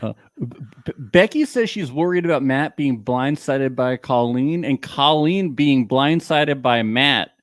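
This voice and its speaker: A man's voice: medium pitch, lively intonation, unhurried, no echo. A man co-hosting a casual recap show, sarcastic and jokey, now and then slipping into a mock drawl. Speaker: podcast co-host.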